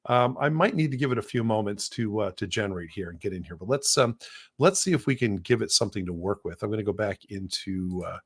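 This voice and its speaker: A man's voice: lowish voice, animated, fast talker, breathy edge. Man, podcast co-host, casual and rambling, filler-heavy demo talk.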